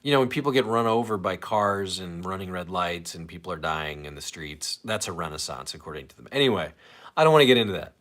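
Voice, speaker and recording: A man with a fairly low voice hosts a casual live stream from a home setup. He rambles loosely and pokes fun at himself while reading viewer comments aloud. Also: animated, fast, fairly bright tone. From St. Louis area, USA. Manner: rambling, self-deprecating, reads comments aloud.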